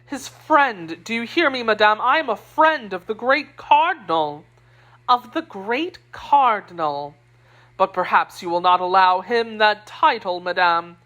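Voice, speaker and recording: A woman's voice: mid-range voice, lively intonation, a little slow, fairly bright tone, lo-fi sound, pitched above the performer's own voice. A woman voicing a self-important, timid middle-aged male mercer in an audiobook reading, proud and defensive. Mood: pompous.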